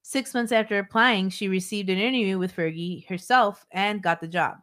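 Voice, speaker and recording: A woman's voice: medium pitch, steady tone, normal speed, a bit bright. A woman co-hosting a true-crime podcast, reading her notes with chatty asides. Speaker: podcast co-host narrating a case.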